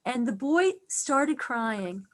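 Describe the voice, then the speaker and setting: A middle-aged woman giving a talk on faith. She tells stories earnestly and softens to a hush on tender lines. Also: a little high, expressive, slow. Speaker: speaker on faith.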